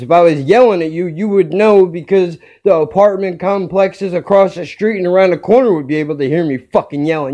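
Guy venting on his podcast, kinda high voice but mellow tone, swearing nonstop and heated. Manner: heated, blunt, swears constantly. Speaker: podcast host. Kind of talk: profane storytelling rant.

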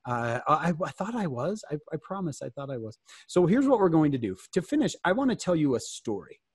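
American fireside speaker, slightly high voice, animated and jokey, dry close sound. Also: male voice, brisk, husky, no echo. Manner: animated, joking, asks the audience questions. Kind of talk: interactive fireside talk.

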